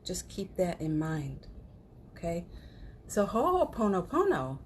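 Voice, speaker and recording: A woman hosting a livestream, leading a guided healing practice in a gentle voice that repeats phrases softly and often sinks to a near whisper, with casual encouraging asides. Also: fairly low pitch, wildly swooping pitch, takes it slowly, slight background noise. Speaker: host of a morning livestream.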